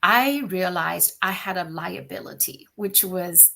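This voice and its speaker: A middle-aged woman from China speaks in a lowish voice with a gravelly edge. She is a podcast guest telling her story in an animated, conversational way, often tagging lines with "right?". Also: unhurried. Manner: animated, frequent "right?" tag questions. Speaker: podcast guest, company founder.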